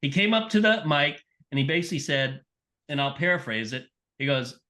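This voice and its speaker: Animated middle-aged man telling stories. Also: fairly high pitch, a little fast. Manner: animated storyteller, acts out quoted people. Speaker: podcast guest, sports nutrition scientist. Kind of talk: casual interview storytelling.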